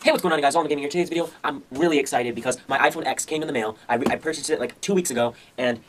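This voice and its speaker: A young man hosting a casual unboxing vlog, excited and slangy, calling his viewers bro. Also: a little high, racing, noisy background. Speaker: gaming youtuber.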